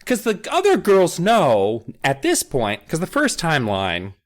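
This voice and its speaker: Animated man recapping a book. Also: a little high, unhurried. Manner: animated, jumps into funny character voices. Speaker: podcast co-host. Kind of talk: casual book discussion and reading.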